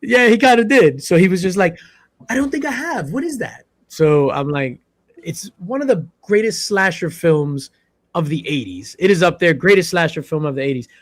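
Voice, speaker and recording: A man hosts a casual panel chat, his voice sitting a touch high. He tells stories with energy and acts out other people's lines. The sound is close and dry, with no room around it. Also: normal speed, no room sound. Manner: animated storyteller, acts out quotes. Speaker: podcast host.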